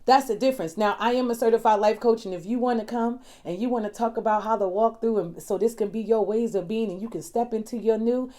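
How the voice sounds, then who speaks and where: Woman, life coach, slightly high pitch, emphatic, preachy, hushed then loud. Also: fast talker, few pauses. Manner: preachy, emphatic and repetitive, addresses listeners as y'all; swings from hushed, soft storytelling to loud, high exhortation. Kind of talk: motivational self-help talk.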